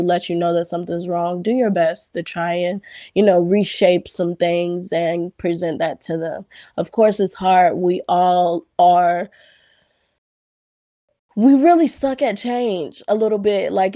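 A woman's voice: medium pitch, vocal fry, no room sound, studio quality. A young woman, chatting casually on her own show, with lots of "y'all" and laughs between thoughts. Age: young adult. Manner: chatty, animated, frequent "like" and "y'all", laughs often. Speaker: podcast host. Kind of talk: casual solo talk.

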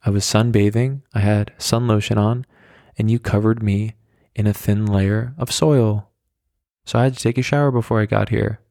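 A man quoting his passive-aggressive downstairs neighbor woman in his own low, flat voice. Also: moderate pace, vocal fry, no room sound, studio quality. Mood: deadpan.

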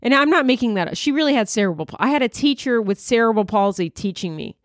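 A woman's voice: on the high side, animated, quick pace, no room sound, studio quality. A woman comedian hosting her podcast, rambling through a crude, self-mocking comedic monologue. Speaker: comedian host.

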